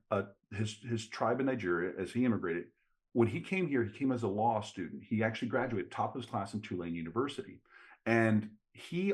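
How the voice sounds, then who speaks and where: A man, a sales trainer telling stories as a guest in an interview. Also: fairly low pitch. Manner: lively storyteller, quotes people in dialogue. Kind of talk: animated storytelling in an interview.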